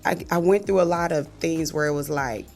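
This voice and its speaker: Woman comedian, guest. Deep and a bit gravelly; laid-back, candid. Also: fairly quick, a little mellow, faint music behind. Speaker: comedian and show creator, guest. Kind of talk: casual interview chat.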